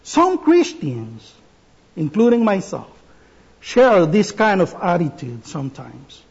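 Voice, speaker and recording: Slow-speaking man preaching, husky voice. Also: high-pitched, a little mellow, muffled recording. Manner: slow, deliberate delivery with pauses and restarts. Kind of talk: sermon.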